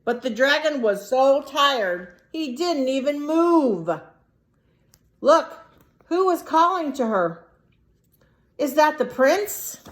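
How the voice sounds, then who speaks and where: A teacher reading a picture book aloud to young children, animated and stopping to ask them questions. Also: female voice, high-pitched, takes it slowly, pauses often. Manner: animated, asks the listeners questions.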